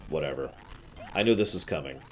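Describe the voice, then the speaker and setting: A man's voice: rumbling low, lively intonation, fairly quick, noisy background. A man streaming a video game, giving casual commentary with chatty, offhand asides.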